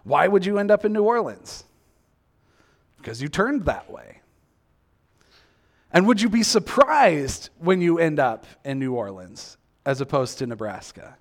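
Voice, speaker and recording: A man's voice: on the high side, very animated, a little slow, long pauses. A male preacher giving a sermon, acting out quoted reactions and asking the listeners many questions.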